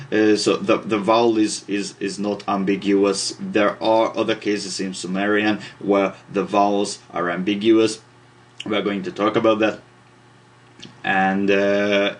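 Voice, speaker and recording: Guy teaching old script, super slow, lots of uhs, dry little asides. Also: low voice, fairly bright tone. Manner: hesitant, many fillers, self-deprecating asides. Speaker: language teacher. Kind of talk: informal explanatory lesson.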